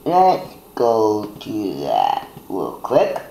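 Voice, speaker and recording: A man's voice: on the low side, huge pitch swings, very slow, gravelly, dark tone, roomy sound, a little hiss or hum, rough recording. A young man talking casually to his vlog audience, rambling and poking fun at himself. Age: young adult. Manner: rambling, self-mocking, laughs at himself. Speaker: vlogger.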